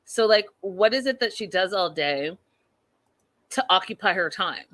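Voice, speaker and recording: A woman's voice: mid-range voice, expressive, measured pace, fairly bright tone. A woman hosting an online recap of a reality show, talking casually and chattily with the viewers and laughing at herself.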